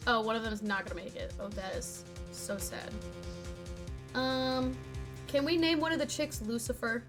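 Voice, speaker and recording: A woman's voice: on the high side, normal speed, music in the background. A young woman streaming from home, chatting casually and teasing her cat in a playful way. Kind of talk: casual live-stream chat.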